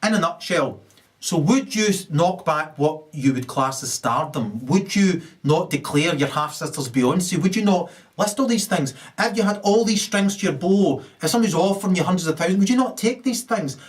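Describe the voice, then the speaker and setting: A man in a rambling, ranting monologue, full of hesitations and fillers and with sudden loud rises. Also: a little high, lively intonation, moderate pace, recorded from a distance. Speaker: video blogger.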